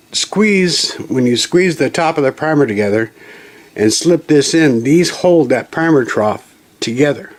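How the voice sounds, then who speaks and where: Folksy man rambling through a tool demo. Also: medium pitch. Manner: rambling, folksy, self-correcting, apologetic asides. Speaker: channel host demonstrating a reloading tool. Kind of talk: casual hands-on tutorial. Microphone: camera mic, handheld then on tripod.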